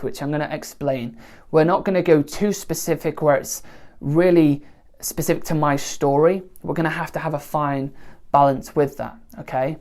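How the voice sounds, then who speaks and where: A woman teaching songwriting in a relaxed, conversational way, often pausing to check in with the listener. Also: low voice. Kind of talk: spoken songwriting lesson to camera.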